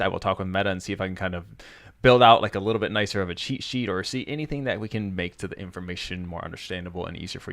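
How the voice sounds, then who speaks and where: A fairly low-voiced man talks viewers through a game tool, chatty and loose with plenty of fillers. He sometimes slips into a jokey infomercial pitch. The sound is dry and close, with no room around it. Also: fairly bright tone, dry recording. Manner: mock infomercial hype in bursts. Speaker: gaming content creator. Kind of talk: casual screen-share walkthrough.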